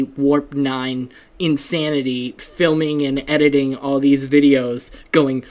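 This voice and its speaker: A man's voice: fairly high pitch, a little slow. Male solo podcast host, loose and rambling, self-deprecating, natural fillers. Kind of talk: casual solo podcast chat.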